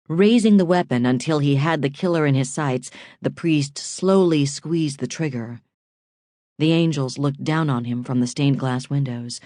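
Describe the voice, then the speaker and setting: Woman narrating a dark thriller audiobook. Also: deep voice, no room sound, studio quality.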